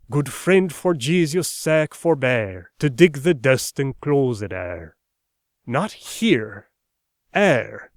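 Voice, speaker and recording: A man's voice: medium pitch, no echo, studio quality. A man giving scripted narration for an educational video in a playful, wry explaining manner.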